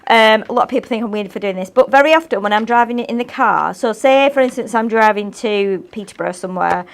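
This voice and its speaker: A woman's voice: on the high side, quick pace. A woman demonstrating crafts on a live show, talking in a chatty, rambling, self-mocking way. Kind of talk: live shopping craft demo chat.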